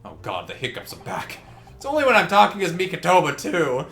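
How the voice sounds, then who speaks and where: A man's voice: a little high, huge pitch swings, brisk, fairly bright tone, soft background music. A man co-hosting a casual game playthrough, reading dialogue aloud between joking, laughing asides. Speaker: let's play co-host.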